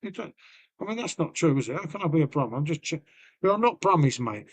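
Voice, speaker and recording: With a fairly high, slightly rough voice, big pitch swings and a quick pace, a man from Lincolnshire, England chats casually on his live stream in a Lincolnshire English accent. Folksy and sprinkled with "mate" and "innit," he banters with viewers, swears freely, and calls everyone mate.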